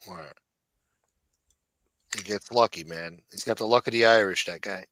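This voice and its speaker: Laid-back low-voiced man, mumbling asides. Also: normal speed, fairly bright tone, slight background noise, poor audio. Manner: laid-back, drops to mumbles, frequent fillers. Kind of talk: casual livestream chat.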